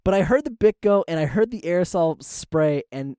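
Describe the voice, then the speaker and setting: A podcast co-host tells a story in casual chat, laughing a lot and swearing freely. His voice is high, mellow, clear and resonant, with lively intonation at a normal speed. The recording is clean studio sound with no room noise.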